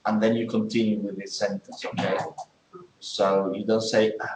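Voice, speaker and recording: A man's voice: on the low side, flat delivery, normal speed, echoey room, rough recording. A man teaching English in a classroom, explaining things step by step and checking in with many okays. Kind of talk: classroom lesson.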